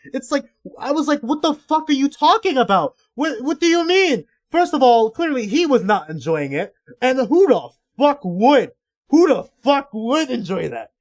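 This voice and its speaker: Guy on a livestream ranting casually, curses a lot, voice swings up and down a ton. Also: high voice. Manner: rambling, heavy swearing, exasperated. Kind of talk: casual reaction commentary.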